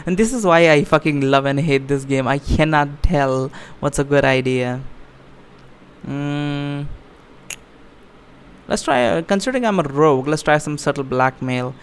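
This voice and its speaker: A man hosting a let's play of a text game, reading it aloud and thinking out loud in a casual, profane way. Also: fairly high pitch, moderate pace, slight background noise. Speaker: gaming channel host.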